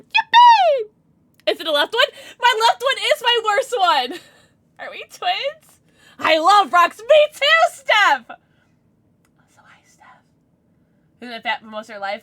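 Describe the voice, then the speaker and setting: Woman, 30s, gaming streamer, casual chat, bright and slightly high. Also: no echo. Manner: chatty, affectionate with chat, frequent fillers.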